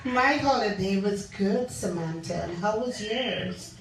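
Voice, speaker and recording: A woman hosting a call-in radio talk show, chatting slowly and calling out her listeners by name. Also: medium pitch, a little hiss or hum. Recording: echoey, distant from the mic.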